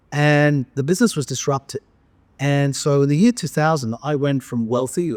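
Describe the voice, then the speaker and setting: A man's voice: mid-range voice, darkish tone, no room sound. English man, older speaker telling stories. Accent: English with some Australian. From England. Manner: anecdotal, self-interrupting, frequent "right?" asides. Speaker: guest, professional speaker. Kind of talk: conversational interview storytelling.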